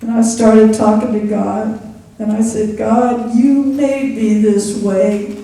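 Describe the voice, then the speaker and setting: A woman's voice: on the high side, steady tone, takes it slowly, dark tone. A woman performing a poor young trailer-park mother in a live one-woman theatre monologue, confiding her story and addressing the listener by name. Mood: earnest. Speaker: stage character. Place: theatre stage. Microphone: distant stage mic. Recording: echoey theatre from far off.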